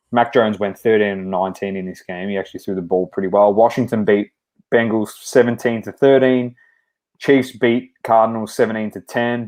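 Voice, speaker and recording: A man co-hosting a casual sports podcast, reading out football scores and matchups in a steady, brisk run. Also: on the low side. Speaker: podcast co-host.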